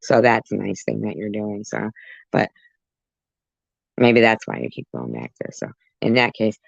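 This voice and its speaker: A woman's voice: extremely low pitch, big pitch swings, a little slow, creaky, no echo. A woman hosting a reaction commentary, talking back at a clip with sarcastic, mocking asides. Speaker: commentary channel host. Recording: muffled lo-fi audio.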